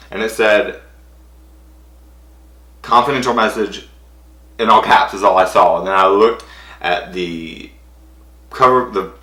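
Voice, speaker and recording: A young man with a bright, forceful voice pitched a little low tells a story for his vlog. He rambles with excitement and keeps stacking "and I was like". The room around him rings with echo. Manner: breathless, rambling, acts out quotes in high squeals. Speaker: vlogger.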